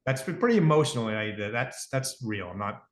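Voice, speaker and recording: A middle-aged man with a fairly low, sing-song voice talks fairly quickly and casually as an interview guest. He is the founder of a device company, rambling and correcting himself as he goes, earnest about his business. The recording has a roomy echo.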